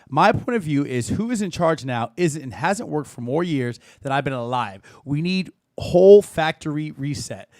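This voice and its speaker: A man in his thirties hosting a live call-in show, chatty and animated, swearing and laughing often. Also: on the high side, no echo, studio quality. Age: 30s. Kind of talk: casual live-stream talk.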